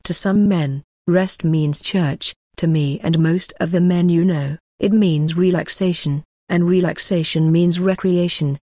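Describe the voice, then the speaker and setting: A woman's voice: fairly low pitch, steady tone, measured pace, few pauses, mellow, dry recording, clean studio sound. A woman reading the part of a persuasive middle-aged male artist who talks in a chummy, coaxing way.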